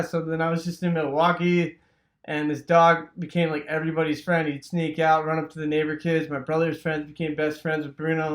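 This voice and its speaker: A man from Wisconsin casually telling a rambling childhood story, full of fillers and sound effects like "boom.". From Wisconsin, USA.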